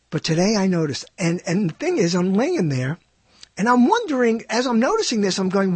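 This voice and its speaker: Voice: medium pitch, sing-song, normal speed, darkish tone, slightly rough, no room sound. A solo vlogger talking in a casual, rambling monologue, digressing often and acting out quoted lines.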